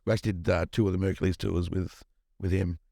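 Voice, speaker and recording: A man's voice: low voice, little pitch movement, fast talker, creaky, warm tone, dry recording, studio quality. An Australian man in a casual podcast chat, telling stories in a laid-back way and swearing freely. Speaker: guest DJ.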